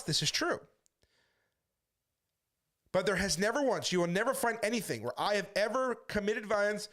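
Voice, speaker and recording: A man with a fairly high voice speaks as a street preacher in a loose, unscripted monologue. He sounds defensive, tells his story at length and slips into the voices of the people he quotes. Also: a bit bright. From United States. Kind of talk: casual monologue to camera.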